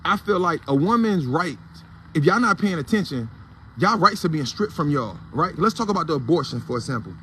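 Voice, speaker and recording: Man, AAVE speaker, hosts a heated, blunt, preachy commentary rant at a rapid clip, voice pitched a touch high, faint traffic noise behind. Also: expressive, pushed and bright. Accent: African American Vernacular English. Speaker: host of a morning commentary show.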